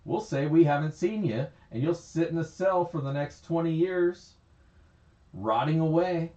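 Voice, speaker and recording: A man's voice: on the high side, lively intonation, a little slow, mellow, voice pushed up. A man voicing a sneering foreign official who scolds an American, in a vague put-on foreign accent. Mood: menacing. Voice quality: mocking, contemptuous. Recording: echoey, slightly dull stream audio.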